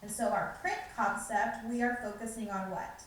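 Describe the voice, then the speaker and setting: A woman's voice: mid-range voice, fairly even intonation, normal speed. A woman presenting a preschool curriculum to teachers, explaining steps and modeling how to speak to a class. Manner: modeling lines in a bright teacher voice. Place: school library. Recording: echoey room, distant mic, faint noise.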